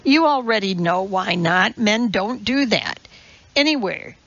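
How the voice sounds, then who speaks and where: A woman narrator voicing a proud, flustered male scientist who insists loudly, recorded with dull, lo-fi sound. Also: lively intonation, measured pace, no echo. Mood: defensive. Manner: insistent, rising to a louder pitch.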